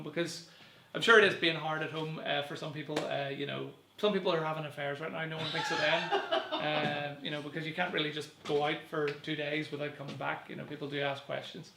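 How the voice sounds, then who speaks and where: Filming from home, this young comedian rambles through a self-mocking stand-up bit, laughing at his own lines and leaning on filler words. He sounds fairly high and creaky with a sharp edge, in a roomy space with a little background noise.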